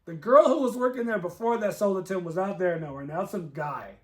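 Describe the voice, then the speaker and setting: A man with a notably high voice, chatting casually in a movie review and acting out scenes with plenty of laughter. He keeps the retelling lively and animated. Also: fast talker. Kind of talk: casual chat.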